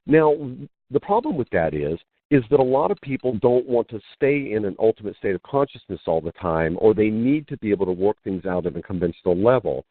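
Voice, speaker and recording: A man's voice: fairly low pitch, brisk, dry recording. A man, a guest on a call-in radio show, telling stories and acting out the dialogue in them. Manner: animated storyteller, acts out quoted dialogue. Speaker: interview guest, spiritual teacher. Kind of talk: storytelling in a call-in radio interview. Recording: phone line, dry.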